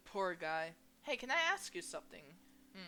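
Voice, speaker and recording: A young woman reading a visual novel aloud as a gaming host, expressive and playful as she voices each character. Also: lowish voice, moderate pace. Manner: expressive, reads each character's lines with shifting energy.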